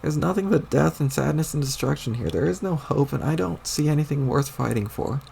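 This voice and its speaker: A man's voice: on the high side, expressive, a little fast, gravelly, dark tone, a little hiss or hum. A man reading a webcomic aloud, voicing a gloomy, self-pitying ghostly girl who has given up. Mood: hopeless. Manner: gloomy, whiny, defeatist.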